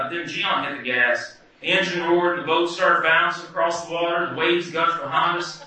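A man's voice: a little high, fairly even intonation, normal speed, few pauses, bright, forceful tone. A man telling a wry, vivid first-person comic story. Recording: very echoey room, distant mic, music behind.

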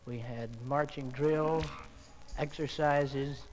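A man's voice: on the high side, steady tone, takes it slowly. A man, an air force recruit, plainly recounting his daily routine. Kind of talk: casual account. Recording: noisy, reverberant room recording.

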